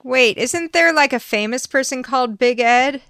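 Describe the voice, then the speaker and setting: A woman's voice: high-pitched, moderate pace, a bit bright, dry recording, clean studio sound. A woman chatting on a podcast, chiming in with wry, skeptical remarks. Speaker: podcast co-host. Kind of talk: casual chat.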